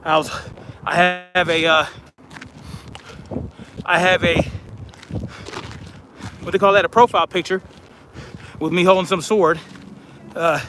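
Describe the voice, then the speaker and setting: A man's voice: high voice, fairly even intonation, measured pace, long pauses, noisy background. A man mocking a bragging bodybuilder guy. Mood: boastful. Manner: bragging, self-important. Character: boastful bodybuilder man talking big.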